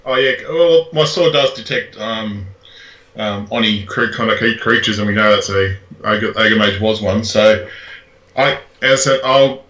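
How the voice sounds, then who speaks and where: A man playing in a tabletop game, joking, laughing often and talking in halting bits. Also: on the low side, bright, forceful tone, muffled recording. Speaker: player. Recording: echoey room.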